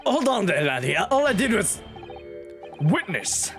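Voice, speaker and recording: A man's voice: sits high, big pitch swings, measured pace, fairly bright tone, faint music behind, voice pushed up, full character voice. A man voicing a blunt, defensive older male prison warder with a put-on Scottish-ish burr. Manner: blunt, defensive, plain-spoken.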